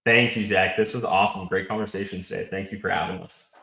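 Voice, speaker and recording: An animated, opinionated man from North Carolina, speaking as a podcast guest. His voice is a bit low. The room adds a noticeable echo. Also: fast talker, vocal fry. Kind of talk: casual political chat.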